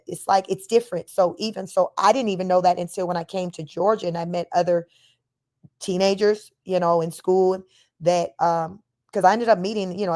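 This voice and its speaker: A middle-aged woman from Northern California with a Bay Area accent and a slight Southern twang, chatting casually to a livestream and telling stories with frequent laughter. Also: lowish voice. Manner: animated storytelling, laughs often, reads chat comments aloud. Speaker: livestream host.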